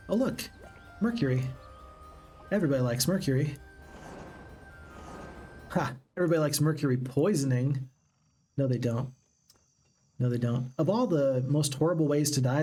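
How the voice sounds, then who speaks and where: A man's voice: on the high side, a little mellow. A man giving casual commentary while playing a strategy game, thinking aloud and asking himself questions as he goes. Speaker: let's play gamer.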